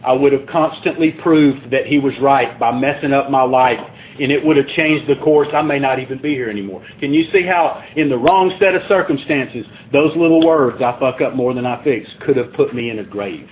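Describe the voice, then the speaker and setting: A man's voice: mid-range voice, normal speed. A man giving a plainspoken, earnest talk at a recovery meeting, building to emphatic points. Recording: tinny phone-like sound.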